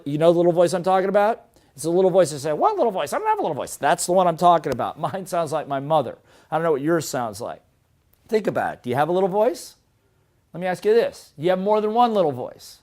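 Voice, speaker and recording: A man giving a motivational business lesson, firing rhetorical questions at his audience and swinging between quiet asides and emphatic points. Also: fairly high pitch. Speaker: business coach.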